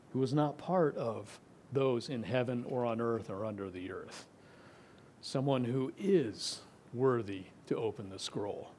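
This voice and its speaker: A middle-aged male pastor delivering an expository sermon at a middle pitch. He reads scripture and explains it plainly, now pressing words with force, now dropping to a near hush. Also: a little hiss or hum. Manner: expository preaching, swings from emphatic to hushed.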